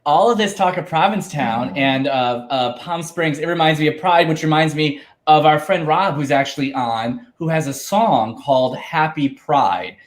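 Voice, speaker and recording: A man's voice: on the high side, moderate pace, hardly any pauses, roomy sound. A man co-hosting a bingo livestream, friendly, plugging a song and announcing winners. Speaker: co-host.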